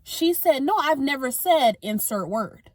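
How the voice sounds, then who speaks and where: A young woman vlogging in a casual, exasperated rant, tossing in quick asides as she talks to her viewers. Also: sits high, expressive, dry recording. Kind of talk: casual ranting monologue to camera.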